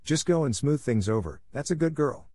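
A man voicing a shy, kindly older farmer in a storybook reading, speaking in a gentle, hesitant way. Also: a little high, lively intonation, moderate pace, breathy edge, no room sound, studio quality, voice pushed up. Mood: coaxing.

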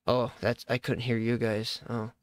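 A man's voice: medium pitch, level tone, a little slow, no room sound. A young man hosting a casual podcast chat over an online call, fumbling with his audio settings and talking in flustered bursts. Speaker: podcast host.

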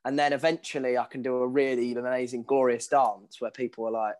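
A man, a stage actor answering audience questions in casual talk, animated and laughing often, speaking in quick bursts with many restarts. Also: mid-range voice.

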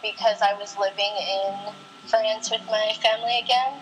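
A woman's voice: mid-range voice, fairly even intonation, normal speed, a bit bright, faint music behind, rough recording. A young woman guest in a casual interview chat, speaking hesitantly and thoughtfully with many fillers.

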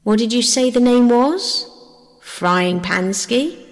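Woman reading a kind, terse old gentleman, barely shifted from her own voice; gravelly, reverberant. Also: on the high side, lively intonation, takes it slowly, pitched above the performer's own voice. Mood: kindly. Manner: kindly, terse. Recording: long hall reverb.

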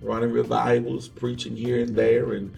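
A man guesting as an evangelist on an interview, with a gravelly, fry-edged voice, telling stories from his life. He sits back from the microphone in an echoey room. Soft music plays faintly underneath. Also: mid-range voice, moderate pace, recorded from a distance. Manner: relaxed storyteller, acts out quoted voices. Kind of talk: casual interview storytelling.

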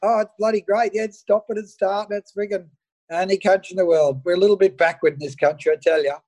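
An Australian man, a fishing photographer, telling an animated story over an internet call and acting out the dialogue. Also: high voice, quick pace, low-quality recording. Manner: animated anecdote, acts out dialogue. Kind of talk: casual storytelling.

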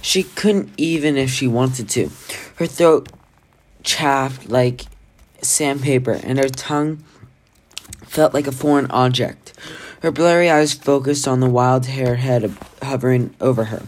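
A reader narrating a novel aloud in a plain, steady way, now and then restarting a phrase after a slip. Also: medium pitch, a little slow. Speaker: audiobook reader. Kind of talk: amateur novel read-aloud.

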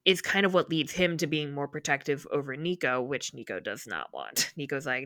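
A woman with a fairly low voice talks through a novel on a podcast, slipping into the characters' lines as she retells each scene. She is casual and openly emotional about the story. The recording is dry and close, with no room sound. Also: animated, normal speed, a bit bright, no echo. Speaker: podcast co-host. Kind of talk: casual book discussion.

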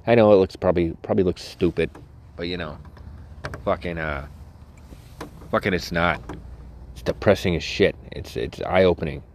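A man's voice: low voice, moderate pace, pauses often, a little hiss or hum. A man hosting a solo podcast who rambles, restarts himself and swears constantly. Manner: profane, rambling, self-interrupting. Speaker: podcast host.

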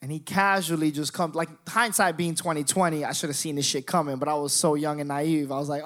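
A young man telling a story in an animated, profane way, acting out other people's voices. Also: on the high side, fast talker, hardly any pauses. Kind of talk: storytelling monologue.

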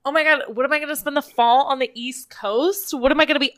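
A young woman co-hosting a podcast, excitable and quick to laugh, swearing freely in casual chat. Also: high-pitched, dry recording, studio quality. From American Midwest. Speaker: podcast co-host.

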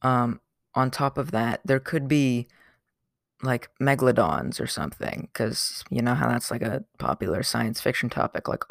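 A man's voice: mid-range voice, normal speed, creaky, a bit bright, no echo, studio quality. A young man hosting a casual solo podcast, rambling with lots of fillers. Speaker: podcast host.

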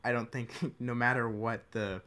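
Young man, middle pitch, hesitant, casual podcast movie review, lots of ums. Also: fairly even intonation, normal speed, sharp tone, clear, resonant tone. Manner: hesitant, many ums and restarts. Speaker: podcast co-host.

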